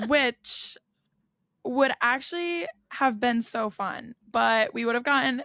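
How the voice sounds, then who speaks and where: Gravelly-voiced young American woman, chatty. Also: a little high, slow pace, pushed and bright, no room sound. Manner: chatty storyteller, frequent laughs and "like" fillers. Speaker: podcast co-host. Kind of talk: casual chat.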